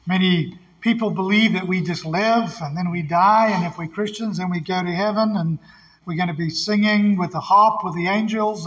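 Preacher guy, high voice, calls out to the crowd for answers, big echoey church. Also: a bit bright. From South Africa. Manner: call-and-response, emphatic, laughs easily. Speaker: pastor. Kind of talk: sermon. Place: church sanctuary. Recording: long church hall reverb.

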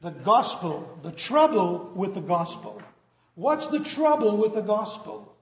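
A pastor preaches in a high, bright-toned male voice, moving from animated storytelling into emphatic exhortation. His words ring out through a large, reverberant church hall with a long echo trailing behind each phrase. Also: a little slow. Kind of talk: sermon.

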